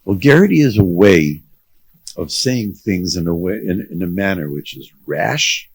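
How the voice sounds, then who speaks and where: A man's voice: deep voice, animated, a little slow, husky, no room sound. A middle-aged man, a rabbi and counselor, giving a conversational lecture to parents and educators, often restarting his sentences and mixing in Yiddish and Hebrew words.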